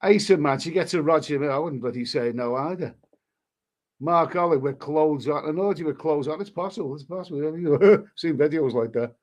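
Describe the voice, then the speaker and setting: A man's voice: a little high, moderate pace, darkish tone. A man, hosting a live stream and rambling through crude commentary with many restarts. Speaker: livestream host.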